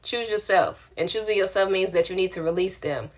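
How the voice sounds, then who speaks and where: A woman's voice: medium pitch, a little fast. A woman coaching viewers on faith during a live stream, reading out their questions and answering in an affectionate, colloquial, encouraging way. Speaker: spiritual coach.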